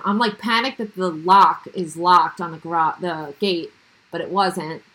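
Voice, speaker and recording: A young woman with a bright, forward voice tells her date story in a casual podcast chat. She acts out both sides of the conversation and swears freely, her tone staying animated and candid. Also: lowish voice, moderate pace, rough recording. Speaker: guest storyteller.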